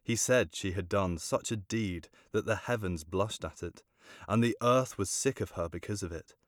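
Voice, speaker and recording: Low-pitched male narrator, measured formal storybook reading, dry close mic. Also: dry recording.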